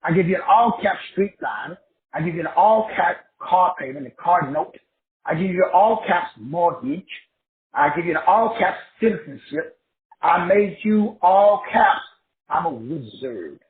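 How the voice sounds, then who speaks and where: With a high, animated voice at a slightly slow pace, a self-help teacher lectures preachily. He answers his own questions through emphatic repetition and spells words letter by letter, captured with thin, phone-like sound in an echoey space.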